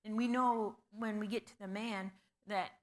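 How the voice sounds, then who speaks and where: In a mid-range voice with fairly even intonation, a woman guides a Bible study conversationally. She asks the group questions and fills her pauses with frequent ums.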